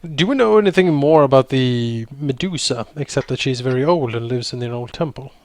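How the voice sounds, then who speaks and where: A man chatting casually as a player in a tabletop session, with an easygoing delivery. The sound is dry and close, with a mid-pitched voice. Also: animated, brisk, no echo.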